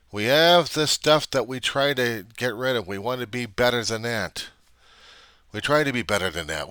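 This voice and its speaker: A man's voice: on the low side, bright, forceful tone, dry recording. An older man, a reverend, ranting in a rambling, indignant way and swearing often. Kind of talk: casual rant on camera.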